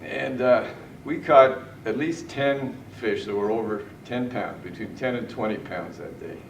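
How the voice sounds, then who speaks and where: In an unhurried, creaky, medium-pitched voice, a middle-aged man delivers a party tribute full of fishing tales and frequent chuckles. He's in a large indoor party room, and the recording sounds echoey, distant and noisy.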